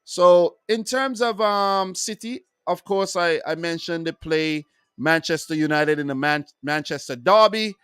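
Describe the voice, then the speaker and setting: A man hosting his own football review channel, talking casually and loosely, full of asides and shout-outs to viewers. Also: on the high side, measured pace, smooth, dry recording, clean studio sound. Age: adult with wife and three kids.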